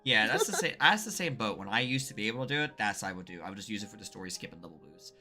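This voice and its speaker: A man's voice: fairly low pitch, sing-song, rapid-fire, pushed and bright, faint music behind. A man hosting a casual streamed interview about a game, upbeat and rambling, with many fillers. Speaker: host.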